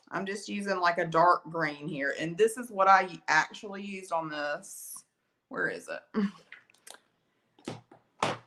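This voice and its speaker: A low-side, slightly bright voice comes from an art instructor with an Alabama Southern accent. She talks through a live painting tutorial in a chatty, folksy way, with a slight lingering cough after illness. Slight background noise is present.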